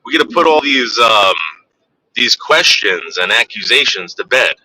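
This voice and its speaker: A man's voice: mid-range voice, expressive, normal speed, sharp tone, no echo, low-quality recording. A man hosting a casual livestream, chatting with his viewers and teasing them in a rambling way. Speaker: livestream host.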